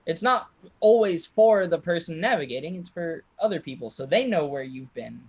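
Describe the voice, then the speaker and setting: A man's voice: on the high side, lively intonation, normal speed, highs cut off. A man doing a book-smart young woman. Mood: explaining. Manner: patient explaining, emphatic.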